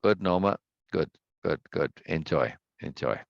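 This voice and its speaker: Man hosting a live chat, lively up-and-down voice, gravelly, keeps repeating himself. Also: extremely low pitch, a little slow, no room sound, muffled recording. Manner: rambling, repeats words, warm greetings. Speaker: livestream host. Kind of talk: casual live-stream chat.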